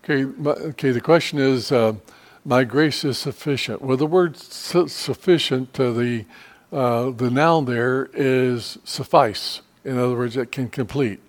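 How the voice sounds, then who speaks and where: A man's voice: mid-range voice, unhurried. A middle-aged man teaching a church Bible study in an earnest, conversational way, with frequent restarts and fillers.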